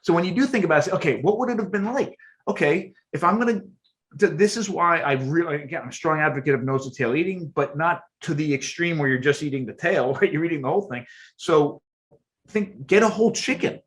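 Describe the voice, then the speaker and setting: A man speaks as a guest on a podcast in a fairly high voice. He explains at length in an emphatic, animated way. He often repeats a word before pushing on. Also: fast talker. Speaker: guest, archaeologist and chef.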